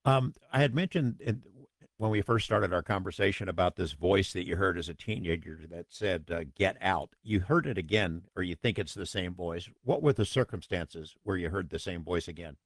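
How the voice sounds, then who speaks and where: A man interviewing a guest, asking measured questions with a few hesitations. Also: sits low, no room sound.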